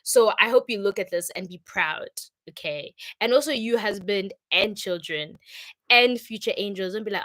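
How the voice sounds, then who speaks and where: A young woman talking casually to her future self in a vlog, emotional and a little teary, chatty, breaking into laughs and sudden loud bursts. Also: mid-range voice, moderate pace. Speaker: vlogger.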